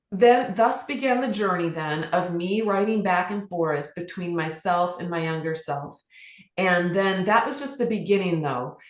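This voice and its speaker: A middle-aged woman and author, telling personal stories as a podcast guest in an earnest, heartfelt way, often restarting her sentences. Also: fairly low pitch. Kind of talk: candid personal storytelling. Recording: roomy echo.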